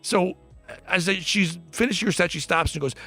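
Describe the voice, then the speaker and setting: A man's voice: high voice, moderate pace, bright, forceful tone, faint music behind. A man, a comedian and podcast guest, telling crude stories in casual chat with lots of swearing. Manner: crude, brash storyteller with frequent swearing.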